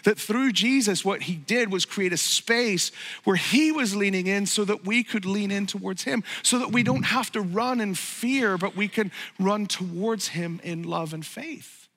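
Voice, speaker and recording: A man's voice: sits high, unhurried, fairly bright tone. A middle-aged man preaching a sermon as pastor, emphatic and building to raised peaks. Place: church sanctuary. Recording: long hall reverb.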